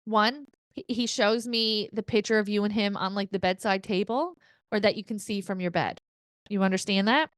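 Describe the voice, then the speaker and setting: A woman's voice: moderate pace, no room sound. A woman medium giving a casual spirit reading, chatty and laughing often, swearing now and then. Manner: chatty, laughing often, relays quotes in an excited higher voice.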